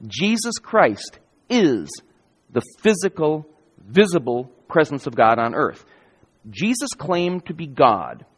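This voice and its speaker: A man preaching a sermon in an emphatic, varied delivery with deliberate pauses, in a church sanctuary. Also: on the high side, slightly rough. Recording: hall reverb.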